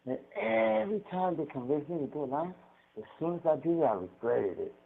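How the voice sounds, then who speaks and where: A man's voice: on the high side, expressive, a little fast, vocal fry. A man telling stories over a prison phone call, profane and rambling with frequent restarts. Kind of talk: casual storytelling on a phone call. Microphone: prison payphone handset. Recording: tinny prison phone line.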